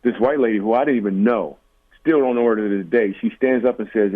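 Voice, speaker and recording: A comedian from Michigan telling stories in a casual interview, animated and self-deprecating. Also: male voice, medium pitch, fast talker, breathy edge. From Michigan, USA. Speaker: comedian guest. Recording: tinny phone-like line.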